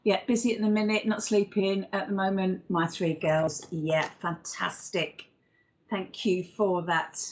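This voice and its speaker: A woman's voice: mid-range voice, level tone, unhurried. Woman, psychic medium, chatty, rambling, affectionate, mid-range voice. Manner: chatty, rambling, affectionate, calls people darling. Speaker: psychic medium and regression therapist. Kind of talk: live-stream card readings and chat.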